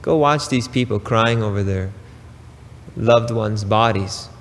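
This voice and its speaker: A man giving a spiritual talk, preaching slowly and emphatically with pauses and casual asides. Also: fairly low pitch, in a large hall. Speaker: spiritual teacher.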